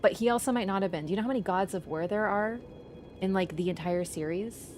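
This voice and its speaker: A woman livestreamer in casual chat, animated and teasing toward viewers and swearing casually. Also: medium pitch, fast talker, slight background noise.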